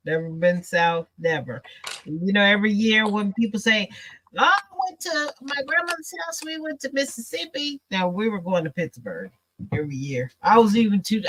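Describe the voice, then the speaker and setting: A woman from the who hosts a sewing channel, chatting casually, telling lively stories and laughing often. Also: on the low side, a little hiss or hum, rough recording. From American Midwest. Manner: animated storyteller, laughs often. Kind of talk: casual chat.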